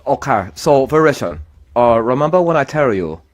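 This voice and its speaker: A man's voice: mid-range voice, sing-song, normal speed. A man on an online panel lecturing another guest in a hesitant way. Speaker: panel participant.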